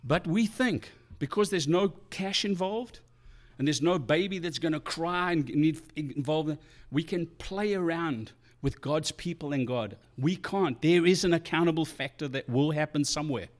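A man preaching a sermon as pastor, passionate and animated, acting out quoted excuses from churchgoers. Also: a little high, moderate pace, few pauses.

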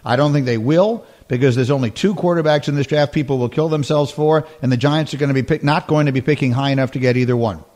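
A man's voice: mid-range voice, fast talker, few pauses, darkish tone. A man hosting a sports talk radio show, speaking emphatically and repeating his points.

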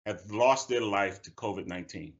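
A man with a low voice speaks earnestly and urgently as an interview guest, repeating key words to drive his point home. His video call audio sounds dull and lo-fi. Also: moderate pace. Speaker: guest, head of a national youth organization.

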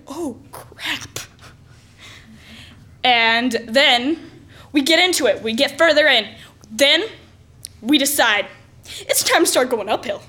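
A woman telling a personal story aloud in a lively, self-mocking way with lots of exaggeration. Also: sits high.

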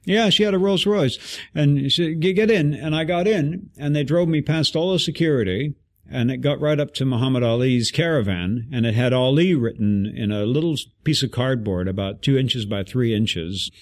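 Man telling a lively story. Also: medium pitch, moderate pace. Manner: animated storyteller acting out quoted voices. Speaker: interview guest, musician. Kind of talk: storytelling interview.

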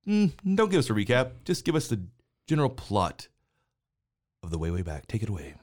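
A man's voice: on the low side, wildly swooping pitch, brisk, darkish tone. A man in his forties co-hosting a casual movie podcast, teasing with dry sarcasm. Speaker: podcast co-host.

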